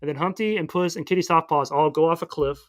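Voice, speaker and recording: A man's voice: a little high, fairly even intonation. A man co-hosting a podcast who recaps a film in casual, rambling chat. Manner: rambling, retells scenes with quick voiced asides. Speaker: podcast co-host.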